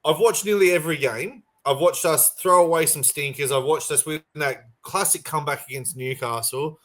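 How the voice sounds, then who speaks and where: A man's voice: a little high, moderate pace, fairly bright tone. A man co-hosting a sports podcast over a remote call, talking passionately and rambling with restarts. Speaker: podcast co-host. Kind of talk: casual sports chat.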